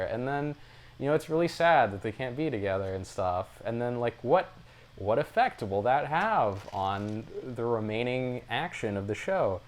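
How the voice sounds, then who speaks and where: A man co-hosting a podcast, rambling casually with lots of fillers and a wry tone. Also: mid-range voice. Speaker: podcast co-host. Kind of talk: casual chat reviewing a TV series.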